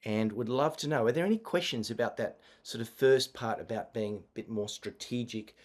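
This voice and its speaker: A man's voice: mid-range voice, normal speed. A man presenting an online marketing masterclass over a video call, talking conversationally with frequent fillers and restarts.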